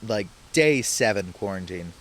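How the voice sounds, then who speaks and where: A young man co-hosting a podcast, chatting casually and retelling scenes with lively acted-out quotes. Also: on the low side, unhurried. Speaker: podcast co-host. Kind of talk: casual chat.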